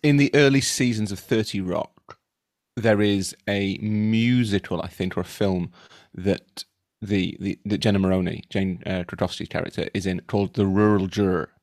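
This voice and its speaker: A man's voice: on the low side, fairly even intonation, normal speed, a little mellow, no echo, studio quality. A man co-hosting a podcast, chatting casually with many restarts and tangents. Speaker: podcast co-host. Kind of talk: casual chat.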